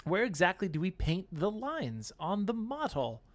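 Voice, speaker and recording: Man, livestream co-host, joking, animated pitch, slightly high voice. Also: moderate pace. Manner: joking, reads viewer comments aloud in silly voices. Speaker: co-host reading chat. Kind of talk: casual livestream chat.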